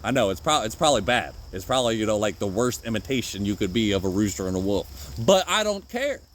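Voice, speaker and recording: A man's voice: on the low side, big pitch swings, fast, slight background noise. A man hosting a podcast, giving a rambling, profane motivational monologue outdoors in the woods in the rain. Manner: rambling and profane, swears often, jokes at himself. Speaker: podcast host.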